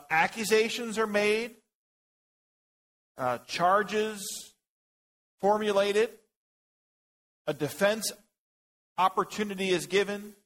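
A man's voice: sits high, fairly bright tone, poor audio. A man teaching a Bible class in a casual way, joking, thinking aloud and calling on people in the group.

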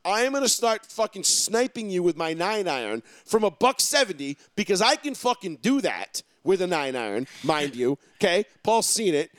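Recorded close and dry, this high-voiced young man rants in a loud, crude, mocking way. He swears constantly and keeps the chat casual and heated. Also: very animated, normal speed, hardly any pauses, dry recording. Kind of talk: casual profane rant.

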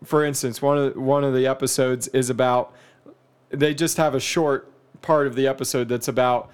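A man in casual chat, an animated storyteller who laughs often. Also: medium pitch, moderate pace, smooth.

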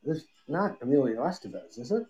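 A man's voice: on the high side, very animated, fairly quick, warm tone, dull audio. A man co-hosting a casual podcast chat, loose and rambling, swearing and joking, with the hiccups. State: has the hiccups. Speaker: podcast co-host.

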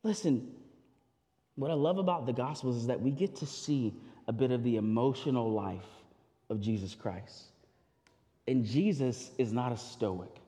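A male pastor preaching a sermon in a lively, conversational way. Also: medium pitch, measured pace. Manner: animated, conversational, acts out voices and laughs. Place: church sanctuary. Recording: long hall reverb.

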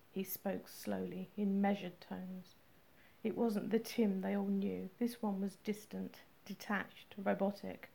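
Woman, audiobook narration, soft low-key delivery, mellow tone. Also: level tone, slow, gravelly.

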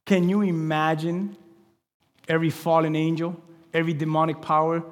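A man preaching a sermon to his church, rambling and conversational, swinging from loud exclamations to hushed near-whispers. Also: fairly high pitch, little pitch movement, moderate pace. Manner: rambling and conversational, with asides to the congregation. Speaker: pastor. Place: church sanctuary. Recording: long reverb of a large hall.

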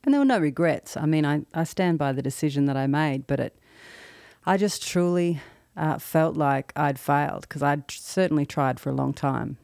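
A woman telling a personal story in an earnest, halting, reflective way. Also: sits low, vocal fry, darkish tone, no room sound, studio quality. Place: lives in the American South.

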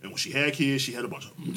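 A man in casual chat, telling family stories with a lot of profanity and slang, restarting his sentences and laughing through the punchlines. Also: a little hiss or hum. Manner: animated, laughs through his own stories, loud high bursts at punchlines. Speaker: podcast co-host telling a family story.

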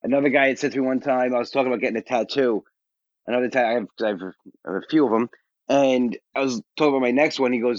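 A man who is a stand-up comedian, telling candid, self-deprecating stories as a podcast guest, blunt and quick to get defensive. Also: medium pitch, no echo, highs cut off.

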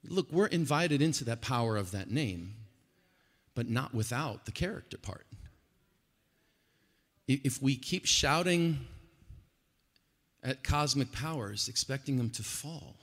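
A male preacher gives an animated sermon. He sounds bright and forceful, and his pitch leaps around. A long reverb rings through the large hall. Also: measured pace, long pauses. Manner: animated, swings from quiet to loud.

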